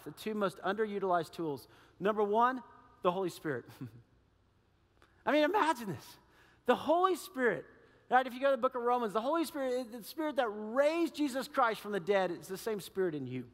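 A man preaching a sermon as pastor, animated and acting out little quoted voices. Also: high voice, fairly quick, long reverb tail. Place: church sanctuary.

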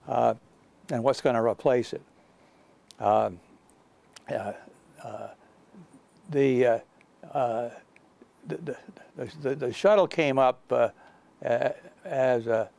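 An older man giving an unscripted lecture about his own experience, halting, with many fillers and restarts. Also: mid-range voice, vocal fry, darkish tone. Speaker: guest lecturer recounting experience.

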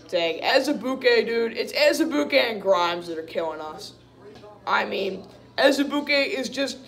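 A man giving a live play-by-play reaction as a frustrated fan, calling plays, venting and saying "dude" often. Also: high-pitched. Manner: excitable, frustrated partisan fan who keeps saying "dude".

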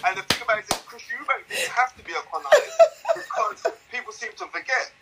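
A middle-aged man guesting as a boxing analyst, telling stories in an animated, emphatic way. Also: extremely high pitch, fast, creaky, a crowd in the background, poor audio. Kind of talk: casual interview chat.

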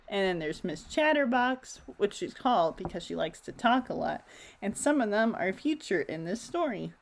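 A woman reading a children's picture book aloud in a gentle, expressive way, chatting to her listeners. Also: a little high. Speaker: storybook reader. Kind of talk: children's story read-aloud.

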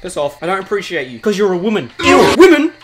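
A young adult, doing let's play commentary and trash-talking the game in crude, excitable bursts. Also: medium pitch, fast. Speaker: gaming channel host. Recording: game music playing loudly behind.

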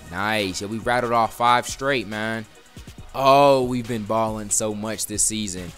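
A man giving casual, rambling commentary over his own video game match, with sudden bursts of excitement during big plays. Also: on the low side, a little slow, faint music behind. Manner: laid-back, rambling storytelling with bursts of excitement. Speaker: gaming video creator. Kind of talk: live gameplay commentary.

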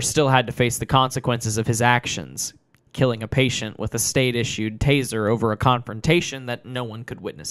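Guy reading out his own story, smooth clear voice, middle pitch, dry close sound, gets ums when he chats. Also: no room sound. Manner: plain steady narration, halting with fillers when chatting. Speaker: storyteller and author. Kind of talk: reading a dark short story, then casual chat.

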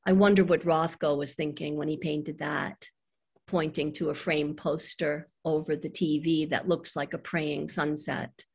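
Ny poet lady, kinda low voice, reads slow and soft over a video call. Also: vocal fry, husky. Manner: slow, soft reading voice that drops low on the lines. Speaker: poet reading her work. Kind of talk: poetry reading with chat between poems.

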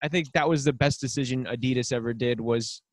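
A man's voice: mid-range voice, a little fast, dry recording. Man joking sarcastically in casual chat. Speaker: podcast co-host.

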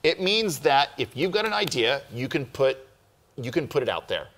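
A man's voice: mid-range voice, sing-song, moderate pace, a bit bright. Earnest male filmmaker co-hosting. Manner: earnest, explanatory. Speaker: filmmaker co-host. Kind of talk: casual podcast chat.

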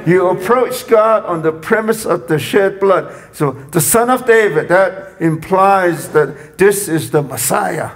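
A man preaching a sermon, repeating phrases and rising to loud cries when he quotes. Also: sits high, a little slow, hardly any pauses, faint music behind. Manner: repetitive, rising to shouts when quoting.

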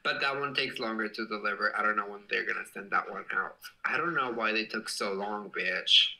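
A livestreamer chatting casually and reading viewer comments, playful and gushing, with affectionate swearing and sudden excited outbursts. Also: medium pitch, brisk, poor audio.

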